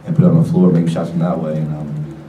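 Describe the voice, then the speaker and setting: Young ballplayer, low dark voice, kinda monotone, stops and starts a lot. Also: male voice, narrow, tinny audio, soft background music. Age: young adult. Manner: halting, many "you know" fillers. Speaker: college basketball player. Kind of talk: post-game press conference answers. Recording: roomy echo, mic far off, faint noise.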